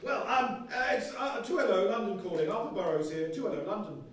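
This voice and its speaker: Hear a man as an earnest, fussy radio announcer of the 1920s, delivering his lines in a pompous, formal way. The voice sits high for a man. It is heard from a distance in a very echoey hall, with faint noise behind it. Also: lively intonation, fairly quick. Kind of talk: comic one-man stage play. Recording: echoey hall, far from mic.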